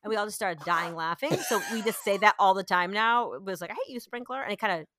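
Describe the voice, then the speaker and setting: A woman's voice: mid-range voice, fast, no room sound, studio quality. A woman in her thirties in casual chat, animatedly telling family stories and acting out voices. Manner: animated storyteller, acts out voices, laughs often.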